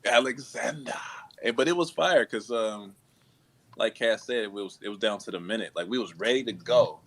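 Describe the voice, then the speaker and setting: A man telling a quick slangy story in casual chat. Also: lowish voice, fairly bright tone.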